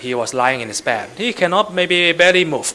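A man with a bright, somewhat high voice preaches in halting. He speaks in short bursts, stopping after each phrase so an interpreter can follow. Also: expressive. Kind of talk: sermon with live interpretation.

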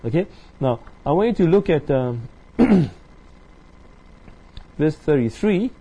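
A man teaching through a Bible passage verse by verse. He talks haltingly, with many fillers, and keeps checking in with his listeners through tag questions. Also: a little high, sing-song, noisy background. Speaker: preacher.

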